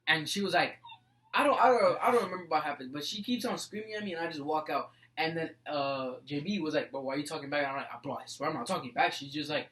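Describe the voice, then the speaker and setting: A young man co-hosting a casual podcast, telling animated school stories full of "like" and "bro.". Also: on the high side, low-quality recording. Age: young adult. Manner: animated storyteller, fills with "like" and "bro". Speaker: podcast co-host. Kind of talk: casual chat.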